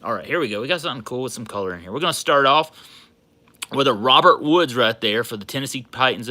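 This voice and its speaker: A man hosting a sports card livestream, chatting casually and getting loudly excited over his pulls. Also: medium pitch. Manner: excitable, hollering and laughing over a big pull.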